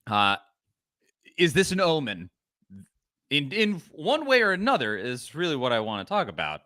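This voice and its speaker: A man hosting a casual sports podcast, chatting with laughs and rattling through ad reads quickly. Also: on the high side, dry recording, clean studio sound. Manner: lively, laughing, reads ad copy fast. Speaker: podcast host.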